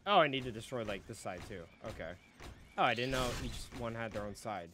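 A man's voice: mid-range voice, fairly quick, background noise. A young man commentating his gameplay, frustrated and swearing constantly as he rants at the game. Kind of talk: let's play commentary. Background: game music.

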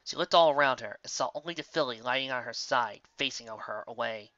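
Low-voiced woman reading a story. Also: a little fast, hardly any pauses, fairly bright tone, no room sound, lo-fi sound. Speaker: fan fiction reader. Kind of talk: storybook narration.

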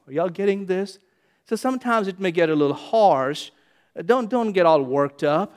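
A male pastor preaching a sermon, animated, repeating lines for emphasis and swinging from loud to hushed. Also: high voice, normal speed.

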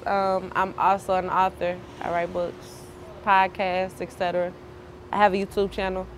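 A woman's voice: on the low side, little pitch movement, normal speed. Woman from St. Louis, aspiring rapper, casual short answers, light street noise behind. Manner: casual, brief answers, rhythmic freestyle delivery. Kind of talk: street interview with a freestyle rap.

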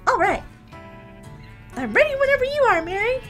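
A woman's voice: very high-pitched, sing-song, moderate pace, a bit bright, soft background music. A woman hosting a kids' game let's-play in a bubbly, exaggerated, sing-song way. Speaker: kids' show host.

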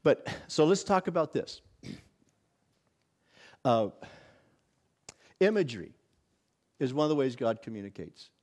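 A visiting pastor teaching a church workshop in a casual, conversational way, often acting out little exclamations of wonder. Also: male voice, mid-range voice, sing-song, unhurried, long pauses, a little mellow. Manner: conversational, many restarts and acted-out inner exclamations.

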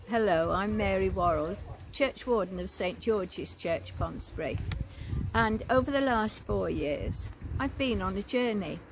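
An older Englishwoman, a church warden telling a personal faith story in a gentle, earnest way. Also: mid-range voice, measured pace, a little hiss or hum, poor audio. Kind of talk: personal testimony.

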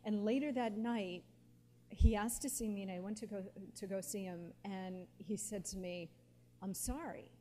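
A woman in her forties telling personal stories to an audience, lively and anecdotal, often quoting others with feeling. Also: medium pitch, normal speed. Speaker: guest speaker. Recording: long hall reverb, faint background noise.

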